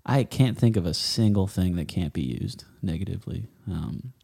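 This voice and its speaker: Podcast co-host, male, mellow and lowish, rambling and giggly. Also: expressive, moderate pace, gravelly, husky. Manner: rambling, laughs often, many "like" fillers. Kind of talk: casual podcast chat.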